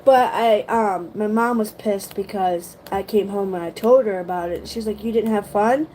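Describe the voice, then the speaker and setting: A young woman, telling a story to her livestream viewers in an animated way, swearing casually and saying "like" a lot. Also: medium pitch, normal speed, slight background noise, poor audio. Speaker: livestream host.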